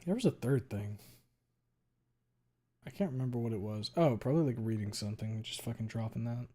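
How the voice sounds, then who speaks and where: A male streamer chatting casually with viewers, talking quickly and running words together, with a lot of swearing. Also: mid-range voice, dark tone. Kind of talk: casual chat reading viewer messages.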